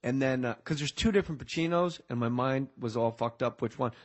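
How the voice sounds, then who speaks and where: A man's voice: mid-range voice, brisk. A male comedian guest on a podcast, joking and rambling in casual banter, often mocking himself.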